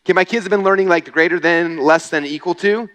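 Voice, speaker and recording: A man giving an energetic, casual stage presentation to a live audience, often checking in with "okay?". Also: high voice, fast talker. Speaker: speaker at a marketing event. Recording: long reverb of a large hall.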